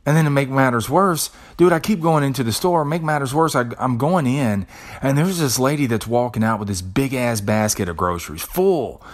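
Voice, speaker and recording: A man's voice: mid-range voice, moderate pace. A man hosting a podcast who talks in a casual, conversational way, swears freely and often repeats words as he tells a story. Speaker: podcast host. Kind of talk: casual monologue.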